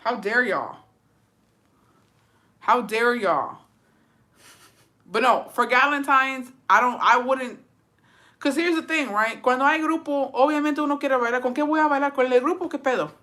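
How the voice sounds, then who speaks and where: A woman livestreaming casual chat, animated and profane, switching freely between English and Spanish. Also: high voice, brisk. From Texas. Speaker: livestream host. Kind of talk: casual chat reacting to viewer stories.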